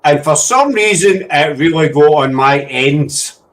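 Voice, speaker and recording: A man's voice: a little high, lively intonation, a little slow, fairly bright tone, low-quality recording. A man hosting a casual chat, rambling and easily sidetracked. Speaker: host.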